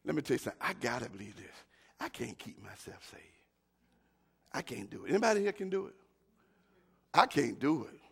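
A man preaching a sermon, calling out to his congregation, repeating himself and building up to shouts. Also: mid-range voice, big pitch swings, brisk, creaky, long pauses, slightly rough. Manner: call-and-response, rising to shouts; repeats words and restarts often.

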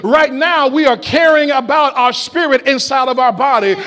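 A man's voice: extremely high pitch, moderate pace. A man preaching an impassioned Easter-style sermon in a church, calling out to the congregation. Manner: impassioned, shouting call-and-response preaching. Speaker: pastor. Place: church sanctuary.

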